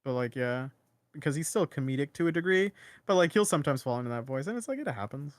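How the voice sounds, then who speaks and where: A man from Canada co-hosting a podcast, talking in a rambling, animated way with many restarts. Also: a little high, fast, no room sound. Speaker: podcast co-host. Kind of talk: casual chat.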